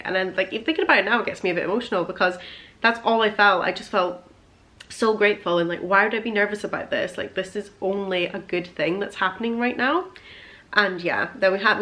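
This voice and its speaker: Young woman vlogger, chatty and gushing, emotional storytelling, mid-pitched. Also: a bit bright. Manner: gushing, emotional, full of fillers.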